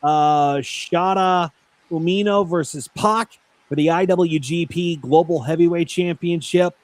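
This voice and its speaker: A man's voice: on the high side, a little slow, no echo. A man hosting a casual podcast, running down lists of matches with frequent "uh" fillers. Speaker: podcast host. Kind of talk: casual wrestling podcast chat.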